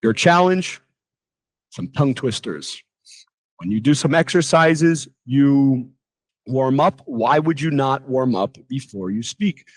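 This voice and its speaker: A man teaching a pronunciation lesson, demonstrating sounds with lively exaggeration. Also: medium pitch, slow pace, no room sound. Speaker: English teacher.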